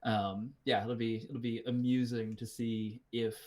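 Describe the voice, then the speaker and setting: A man's voice: mid-range voice, level tone, measured pace, darkish tone. A man with an American West Coast accent that slips into Kiwi words, co-hosting a podcast in rambling, swearing casual chat. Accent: American West Coast, slipping into Kiwi. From United States. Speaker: podcast co-host.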